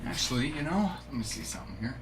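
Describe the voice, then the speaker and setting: A man hosting a live card-opening stream, chatting excitably and breaking into yells of delight. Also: medium pitch, fast talker, noisy background.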